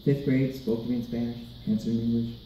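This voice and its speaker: Male storyteller, mellow and far-off. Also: mid-range voice, fast. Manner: animated, asks the audience questions. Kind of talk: live storytelling to children. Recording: roomy, distant mic, light background noise.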